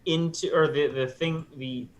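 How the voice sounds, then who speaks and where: A man playing a tabletop game, talking casually and hesitantly with many pauses. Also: on the high side, fairly even intonation. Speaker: player.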